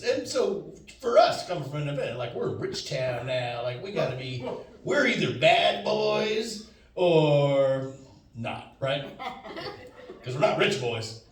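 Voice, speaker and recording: A man telling a stand-up story, rambling and acting out his friend's lines. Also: on the high side. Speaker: stand-up comedian. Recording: echoey room from far off.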